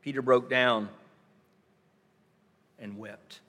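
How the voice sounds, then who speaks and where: A male pastor preaching a sermon, swinging from hushed softness to loud emphasis and posing rhetorical questions to his listeners. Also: medium pitch, steady tone, very slow, long reverb tail. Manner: dramatic shifts between soft hushed lines and loud emphatic ones; asks the congregation rhetorical questions.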